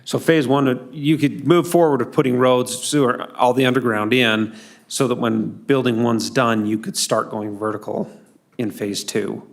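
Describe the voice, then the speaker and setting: Gravelly-voiced man chairing a council meeting. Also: mid-range voice, fairly even intonation, moderate pace. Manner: casual, explanatory, joking. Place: council chamber.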